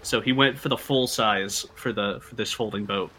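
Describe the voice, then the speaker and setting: A man narrating a tabletop game as game master, in a relaxed way with frequent fillers. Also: lowish voice, moderate pace, slight background noise.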